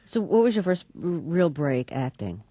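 A woman's voice: on the low side, very animated, moderate pace, dark tone, no room sound. A woman interviewer asking curious, short follow-up questions.

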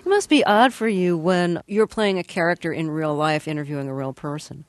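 A radio interviewer asking curious follow-up questions. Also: male voice, on the high side, brisk, no room sound.

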